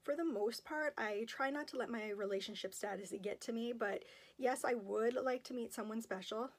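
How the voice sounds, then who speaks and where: A woman in her thirties speaks candidly and emotionally in a personal vlog. Her voice sits a little high. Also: moderate pace. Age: 30s.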